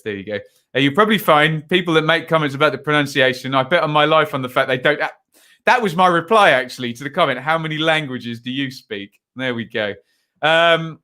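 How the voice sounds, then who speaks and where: A man's voice: fairly high pitch, sharp tone. A young English man hosting a live football stream, chatting casually, reading out lineups and viewer comments with plenty of ums. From England. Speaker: football channel host.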